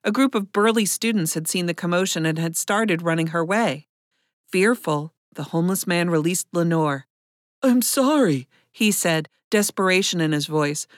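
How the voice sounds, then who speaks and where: A woman narrating an audiobook in a measured, expressive way. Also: lowish voice, dry recording, studio quality.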